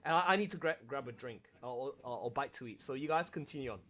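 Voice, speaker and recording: A man directing an audio drama, hosting a casual, excitable watch-along and laughing often as he gushes about scenes. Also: medium pitch, fast. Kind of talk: casual commentary chat.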